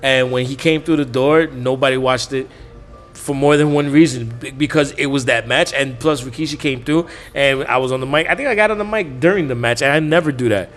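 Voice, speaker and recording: A man's voice: medium pitch, brisk, fairly bright tone, soft background music. A man co-hosting a podcast, talking casually in a laid-back way and swearing freely. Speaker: podcast co-host. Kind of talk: casual chat.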